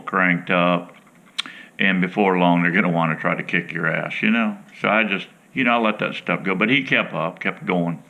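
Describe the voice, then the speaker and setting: A man's voice: deep voice, sharp tone, muffled recording. A middle-aged man who hosts an outdoors show, telling a rambling, folksy fishing story to his viewers in a casual, chatty way.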